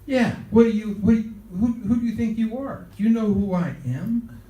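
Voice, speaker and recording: A man's voice: high-pitched, expressive, moderate pace, mellow, pitched above the performer's own voice. A man impersonating a suspicious, angry famous male singer who barks demanding questions. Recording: roomy, distant mic.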